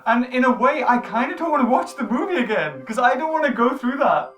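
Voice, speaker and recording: Excitable man in an echoey room. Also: extremely high pitch, brisk. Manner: excitable, stumbling over words. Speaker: channel host. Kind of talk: casual movie review chat. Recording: echoey room, mic at a distance.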